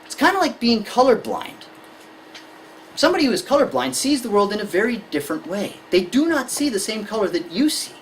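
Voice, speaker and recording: A woman's voice: on the high side, very animated, a little fast, a little hiss or hum, rough recording. A woman giving a conversational lecture to parents on anxiety in children, explaining with everyday examples. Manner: conversational, illustrates with examples and acted-out scenes.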